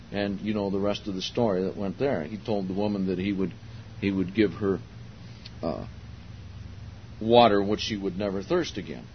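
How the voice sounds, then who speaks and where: An older man delivers a Bible-teaching sermon at an unhurried pace, lingering on words and punching the important ones. His voice sits at an ordinary pitch. The recording is dull and lo-fi, with a faint hiss underneath. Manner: slow, deliberate, emphatic on key words, with asides to the congregation. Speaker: preacher.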